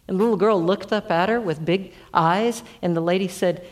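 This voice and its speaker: A woman's voice: mid-range voice, normal speed, hardly any pauses. A woman preaching a sermon, telling a story with repeated starting words and rising to emphatic peaks.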